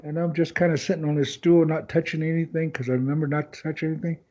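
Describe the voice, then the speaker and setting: A man with a husky, mellow voice, a little higher than most, telling rambling stories as a podcast guest and acting out what others said. The audio is dull and lo-fi, like a basic podcast setup. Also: flat delivery, fast. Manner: rambling anecdotes, acting out other people's lines. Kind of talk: casual storytelling.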